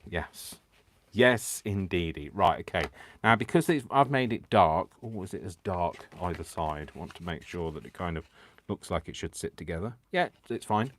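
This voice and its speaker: Giddy, rambling man with a deep voice. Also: expressive, normal speed. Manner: giddy, rambling, self-mocking, laughs to himself. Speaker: crafting livestream host. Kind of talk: casual live crafting chat.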